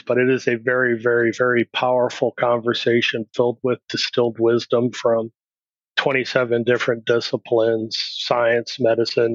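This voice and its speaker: A man's voice: medium pitch, a bit bright, no room sound. A middle-aged man, a podcast guest, telling his life story candidly in a blunt, plain-spoken way and acting out remembered dialogue. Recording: dry, slightly dull recording.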